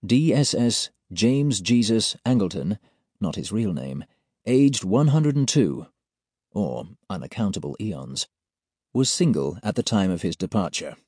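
A man reading an audiobook in a measured, formal manner, as if delivering an official report. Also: lowish voice, big pitch swings, a little mellow, slightly rough, no echo, studio quality. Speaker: audiobook narrator. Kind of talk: scripted audiobook narration.

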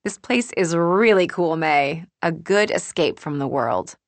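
An upbeat young woman, coaxing and breezy, as a woman narrator reads her lines. Her voice sits only slightly above the reader's own low, unhurried tone. The recording is dry and close. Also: lively intonation, dry recording. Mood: bright, coaxing. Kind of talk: audiobook reading.

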